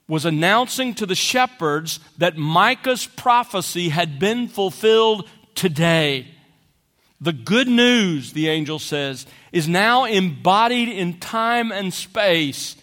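Male pastor, high-pitched for a man, slow deliberate sermon delivery, echoing church. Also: expressive, a bit bright. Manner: slow and emphatic, stressing key words. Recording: long reverb of a church hall.

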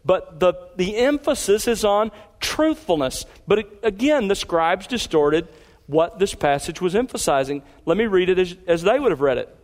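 High-voiced preacher in a reverberant hall. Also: male voice, lively intonation, normal speed. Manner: emphatic, rising on key phrases, reads scripture aloud. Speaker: pastor. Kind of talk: expository sermon.

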